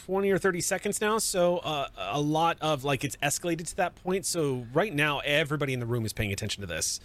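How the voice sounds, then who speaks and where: A man narrating as game master in a relaxed, chatty way, with frequent fillers. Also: fairly high pitch, brisk.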